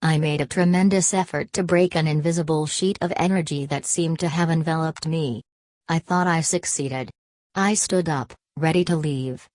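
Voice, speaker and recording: A woman reading a first-person story aloud in an even, measured way. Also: sits low, dry recording. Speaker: audiobook reader. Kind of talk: first-person audiobook narration.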